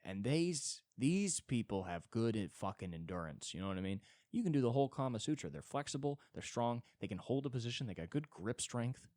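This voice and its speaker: A man's voice: a little fast, hardly any pauses, no echo, clean studio sound. A man hosting his own podcast alone, telling crude, self-deprecating stories in a rambling comedic monologue. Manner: animated, jumps between high and low tones. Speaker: solo podcast host. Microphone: podcast mic.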